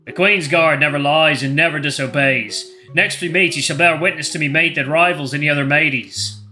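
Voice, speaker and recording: A man voicing a loud, bumbling male lion royal guard with a put-on accent and old-fashioned speech. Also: a little high, brisk, faint music behind. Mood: blustering.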